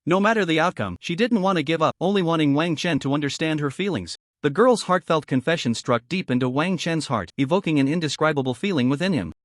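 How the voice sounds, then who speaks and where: Man, scripted story narration, somewhat high voice, lively pitch, dry close sound. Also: fast talker, hardly any pauses, no echo.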